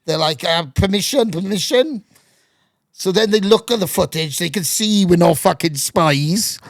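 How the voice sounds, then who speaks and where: Middle-aged male podcast guest: raspy, higher-set voice, profane and animated, recorded dry and close. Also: normal speed, no echo. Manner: swears constantly, animated anecdotes. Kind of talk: casual storytelling.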